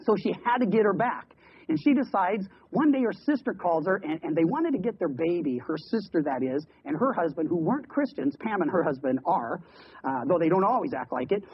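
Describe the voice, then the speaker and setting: A man preaching a sermon, telling a story with quick asides and repeated words. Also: high voice, big pitch swings, slight background noise. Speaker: pastor. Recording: dull lo-fi radio broadcast.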